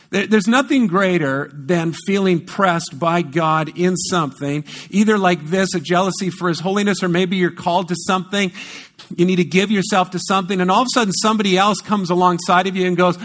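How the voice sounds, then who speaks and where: A man preaching a sermon, emphatic and conversational, repeating key words for stress and correcting himself in quick asides. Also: high voice, a bit bright. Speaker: pastor.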